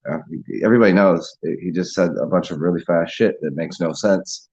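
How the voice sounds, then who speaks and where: A man's voice: low voice, brisk, few pauses, a little mellow, muffled recording. A man hosting a casual livestream, rambling, laughing and chatting with viewers over a beer. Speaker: livestream host.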